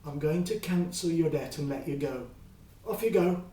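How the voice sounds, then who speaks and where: A man's voice: a little high, lively intonation, normal speed, mellow, far from the mic, natural voice. A man voicing a kindly, generous king in a children's story, heard in a roomy space.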